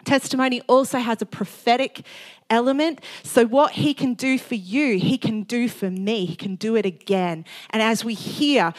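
Brief: a fervent woman preacher with a fairly high voice, quick and worked up, building to loud exclamations. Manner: fervent, fast-paced, rising to exclamations. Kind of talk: sermon.

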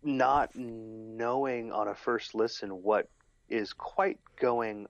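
A man's voice: medium pitch, steady tone, slow pace, creaky, no room sound. A man co-hosting a podcast, chatting in an easygoing way and agreeing emphatically. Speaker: podcast co-host. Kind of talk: casual chat recapping an audio drama. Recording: slightly muffled lo-fi mic.

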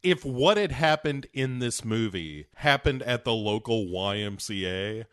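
A man's voice: mid-range voice, expressive, a little slow, clean tone, no room sound, clean studio sound. A man co-hosting a comedic movie recap podcast, joking and swearing, often jumping into put-on voices. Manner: jokey, profane, bursts into put-on character voices. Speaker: podcast co-host.

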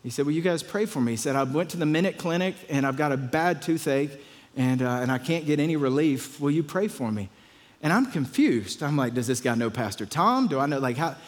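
A man's voice: a little high, animated, a little fast, in a large hall. A pastor telling a story in a conversational sermon, often repeating his words.

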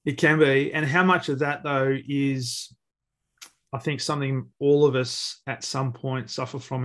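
A man hosting a casual podcast interview with a voice of middling pitch. He builds long, winding questions, restarting his phrases as he goes. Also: flat delivery, measured pace, fairly bright tone. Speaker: podcast host.

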